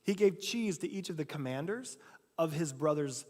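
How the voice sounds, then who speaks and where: A man's voice: a little high, expressive, normal speed, darkish tone. A man preaching a sermon, telling a story casually and acting out the quotes himself. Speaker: pastor. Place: church sanctuary. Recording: long church hall reverb.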